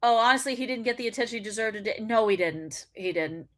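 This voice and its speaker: Brief: female host, high sharp voice, foul-mouthed ranting commentary with frequent laughter. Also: expressive, quick pace. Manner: profane, ranting, laughs often. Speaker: wrestling show host. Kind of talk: casual livestream commentary.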